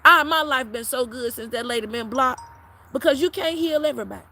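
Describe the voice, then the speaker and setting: A woman's voice: sits high, brisk, low-quality recording. A woman tarot reader talking bluntly and profanely to her followers in a live-stream chat. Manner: brash, profane, preachy, with sudden loud peaks.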